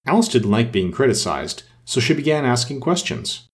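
Animated man reading a storybook aloud. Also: mid-range voice, normal speed, few pauses. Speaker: narrator.

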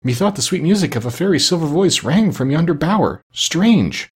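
A man's voice: a little high, very animated, brisk, gravelly, a little mellow, breathy edge, voice pushed up, full character voice. Prince Bumpo, dreamy flowery young prince, played by a man. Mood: amazed. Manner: flowery old-fashioned speech, wistful.

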